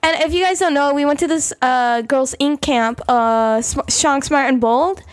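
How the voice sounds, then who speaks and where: A woman's voice: high-pitched, moderate pace. A young woman co-hosting a podcast, chatting casually and hesitantly with lots of restarts. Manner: rambling, hesitant, many restarts. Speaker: podcast co-host. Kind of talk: casual chat.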